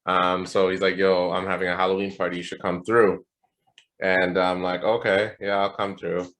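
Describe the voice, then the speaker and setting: A young man with a very deep, low voice tells a party story on a podcast. He is laid-back and slangy, drifting through fillers and casual swearing. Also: little pitch movement, moderate pace, a bit bright. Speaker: podcast co-host.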